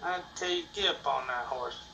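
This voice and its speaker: A man giving excitable, playful commentary while playing a video game with a friend. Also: mid-range voice, normal speed, gravelly, noisy background. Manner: excitable, hyped, playful trash talk. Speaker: gamer host. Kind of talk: casual gaming commentary. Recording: echoey, far from mic, music playing.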